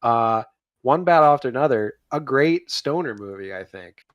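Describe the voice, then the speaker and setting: A man's voice: mid-range voice, expressive, normal speed, dry recording, lo-fi sound. Rambling male podcast host, dry sound. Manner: rambling, with many fillers and restarts. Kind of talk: casual podcast chat.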